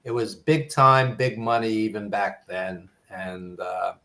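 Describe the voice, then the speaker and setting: Slow and flat, with a sharp tone and a lowish pitch, the voice belongs to an older man from New York. He's a podcast guest with a Brooklyn accent, casually rambling through nostalgic stories peppered with ums.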